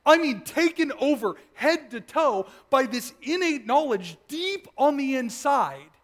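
High-voiced pastor telling a story. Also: male voice, measured pace. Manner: animated storytelling, swinging from loud to hushed. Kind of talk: sermon with personal testimony.

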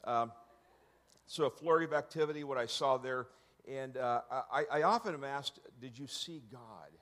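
A middle-aged man with a medium-pitched, slightly bright voice tells his personal story to an audience at normal speed. He often stops to correct himself and slips in joking asides.

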